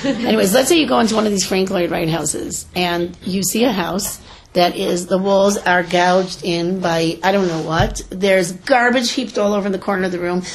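A woman teacher speaking to an audience of parents, lively and storytelling, often acting out what people say. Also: mid-range voice, normal speed, slight background noise. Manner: animated, tells stories and acts out quotes. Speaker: teacher and school educator giving a talk. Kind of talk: lecture to parents with stories.

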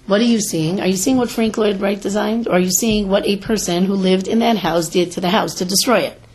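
A woman teacher gives an animated lecture to parents, full of stories and acted-out quotes. Her voice sits at a middle pitch with a lilt. Faint background noise and clicks run under the recording. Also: brisk. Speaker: teacher and school educator giving a talk.

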